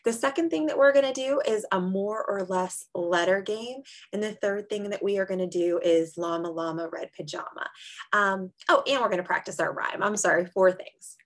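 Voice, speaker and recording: A woman teaching a small group of young children online, speaking in a slow, exaggerated, encouraging way and clapping out syllables. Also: medium pitch. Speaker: kindergarten teacher.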